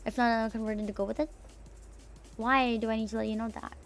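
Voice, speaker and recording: Young woman VTuber, raspy and tomboyish, a bit high-pitched, loose and chatty on a home desk mic. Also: flat delivery, fast, soft background music. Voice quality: slightly raspy, tomboyish rasp. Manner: chatty and loose, swears casually, laughs often. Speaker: VTuber streamer. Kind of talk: casual livestream chat, reading out chat messages. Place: home room. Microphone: desk streaming mic.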